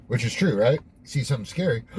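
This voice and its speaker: A man's voice: medium pitch, lively intonation, fast, darkish tone, slight background noise. A young man hosting a casual devotional monologue, candid and reflective, who swears offhandedly. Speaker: host.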